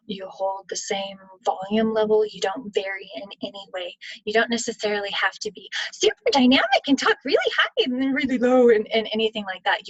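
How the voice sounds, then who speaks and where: A woman leads a live webinar over a video call, answering audience questions in a relaxed, conversational way. Her voice is a touch husky and sits at a middling pitch. The sound is dry, with no room echo. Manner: conversational, explaining with acted-out examples. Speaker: webinar presenter on leadership. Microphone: computer mic on video call.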